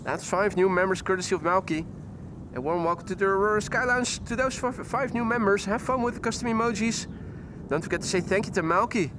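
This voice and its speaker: A man's voice: high voice, fairly quick. A man hosting a live plane-spotting stream outdoors beside the water, chatting playfully with his viewers. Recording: loud outdoor traffic noise.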